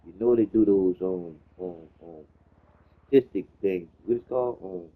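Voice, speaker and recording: A host chats casually at a moderate pace, his voice sitting low, telling stories in a loose, slangy way with plenty of cursing. The sound is tinny, like a phone.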